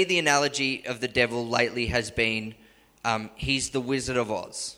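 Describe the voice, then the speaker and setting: A man preaching a sermon in an animated, conversational way, often restarting sentences. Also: medium pitch, long reverb tail.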